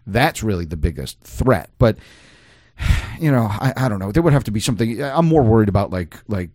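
A man's voice: fairly low pitch, moderate pace, no echo, clean studio sound. A man co-hosting a casual talk show, talking with lots of fillers and restarts. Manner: animated, many fillers and restarts. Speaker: co-host. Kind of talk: casual chat.

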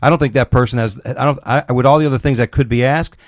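A man's voice: mid-range voice, steady tone, fast talker, no room sound, clean studio sound. A man in his forties hosting a radio show, arguing heatedly, swearing often and repeating himself as he pushes his point. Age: 40s. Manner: combative, profane, repeats himself while arguing.

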